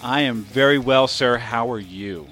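A man hosting a casual podcast, joking around and jumping in with quick questions. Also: mid-range voice, fairly bright tone, faint music behind. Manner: jokey, quick interjections. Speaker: podcast host.

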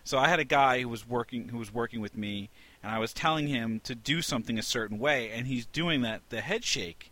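A man co-hosting a podcast, telling stories in a casual, animated and profane way. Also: mid-range voice, a little fast, no room sound. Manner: animated, profane, lively storyteller. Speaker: podcast co-host. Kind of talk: casual chat, storytelling.

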